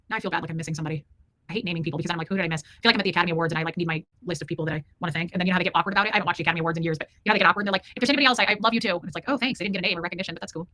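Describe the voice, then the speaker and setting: A woman's voice: medium pitch, pushed and bright. A woman hosting a casual livestream from home, reading viewers' comments aloud and chatting affectionately with them. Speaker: livestream host reading chat.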